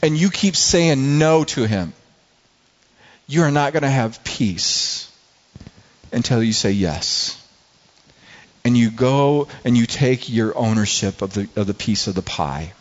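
A man's voice: medium pitch, unhurried, long pauses. A middle-aged man preaching a sermon, telling personal stories earnestly with frequent restarts. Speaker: pastor. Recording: slightly dull lo-fi recording.

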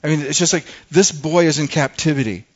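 A man's voice: fairly high pitch, brisk. A man preaching a sermon as pastor, earnest, and often repeating and stumbling over words. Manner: earnest, stammering repetitions. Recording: dull lo-fi sound.

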